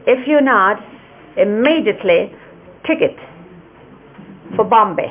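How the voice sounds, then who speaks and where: An older woman gently recalling a teacher's hand gestures, explaining each one at an unhurried pace. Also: medium pitch, lively intonation. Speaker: speaker recalling a spiritual teacher. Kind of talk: reminiscing explanation. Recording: lo-fi phone-like archive recording with faint hiss.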